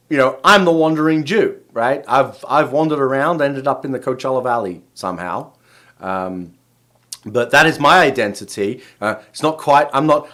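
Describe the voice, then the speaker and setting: A man's voice: mid-range voice, fairly bright tone. A middle-aged man, a rabbi from England, giving a casual spoken lesson in a rambling way, full of restarts and tag questions. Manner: rambling, many restarts, keeps asking "right?". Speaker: rabbi and show host.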